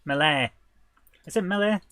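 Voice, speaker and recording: A man designing a tabletop game live, thinking aloud in a hesitant, halting way, stopping and correcting himself, with bursts of excitement when an idea lands. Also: a little high, dry recording. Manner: hesitant, halting, full of restarts and self-corrections. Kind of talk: thinking aloud while working.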